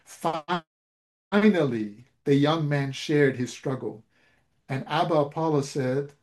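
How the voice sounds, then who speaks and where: Man, preacher, sermon, storyteller, acts out quoted dialogue, somewhat high voice. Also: a little slow, darkish tone. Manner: retells a story, acting out dialogue with restarts.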